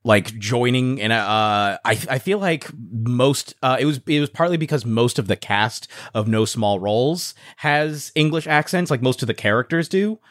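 A man's voice: mid-range voice, lively intonation, normal speed, few pauses, fairly bright tone, dry recording. Male podcast co-host, thoughtful and hesitant, dry close recording. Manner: thoughtful, hesitant, many fillers. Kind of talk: casual podcast chat.

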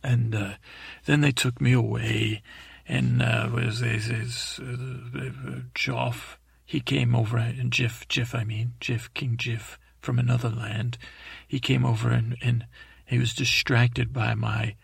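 A man rambles through an improvised bedtime story, stumbling and backtracking. His voice is deep-grained and gravelly with a husky edge. It sits close and dry on the mic. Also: little pitch movement, takes it slowly, no room sound. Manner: meandering, full of self-corrections and fillers. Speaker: podcast storyteller.

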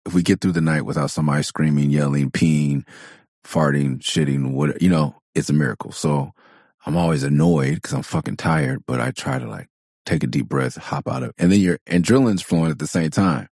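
Very deep, brisk, and creaky, his voice carries a darkish tone and slight roughness, recorded at studio quality with no echo. He's a father of four from Southern California hosting his own podcast, talking in a casual monologue that's frank and profane, often breaking into laughter.

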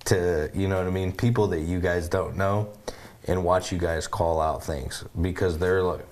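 A very deep-voiced American man tells stories in casual podcast chat. He rambles, goes animated and keeps checking in with his listeners. A faint hiss runs under the recording. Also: normal speed. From United States. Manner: animated, rambling, full of "you know what I mean". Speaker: podcast co-host.

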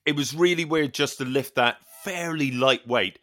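A man's voice: mid-range voice, moderate pace, sharp tone. A man on a casual podcast chat, telling an anecdote and acting out the lines of the people in it. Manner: storytelling, acts out quoted dialogue, swears casually. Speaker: podcast co-host.

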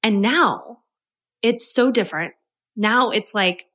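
A woman's voice: medium pitch, moderate pace. A young adult woman, a business coach, talking casually and energetically on her own podcast. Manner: chatty, upbeat, energetic. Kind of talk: casual solo podcast talk.

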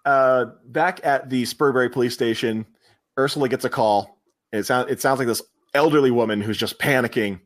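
A man hosting a podcast, retelling a movie scene by scene in casual chat and laughing often. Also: mid-range voice. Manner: animated retelling, puts on quick voices for quotes, laughs often. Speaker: podcast host.

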